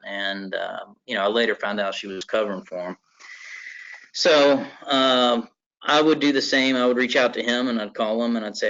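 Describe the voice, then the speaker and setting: A man's voice: on the low side, steady tone, a little fast, fairly bright tone. Earnest American man telling a story. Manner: earnest, conversational, with frequent restarts. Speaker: construction lawyer and seminar speaker. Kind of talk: personal story in a seminar talk. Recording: dull lo-fi recording.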